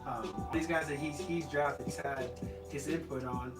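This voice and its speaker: A man's voice: medium pitch, fairly even intonation, measured pace, recorded from a distance. A man co-hosting a casual sports podcast, rambling through his analysis with many restarts and repeated words. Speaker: podcast co-host. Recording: roomy, off-mic, loud game music.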